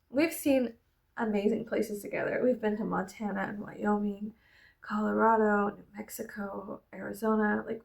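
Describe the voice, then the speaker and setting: A woman's voice: fairly high pitch, vocal fry. A young adult woman chatting casually in a vlog, rambling, laughing often and swearing freely. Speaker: vlogger.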